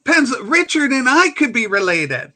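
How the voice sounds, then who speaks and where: A man's voice: very high voice, big pitch swings, measured pace, pushed and bright. A man in his sixties chatting enthusiastically on a video call. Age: 60s. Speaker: guest. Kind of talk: casual video chat.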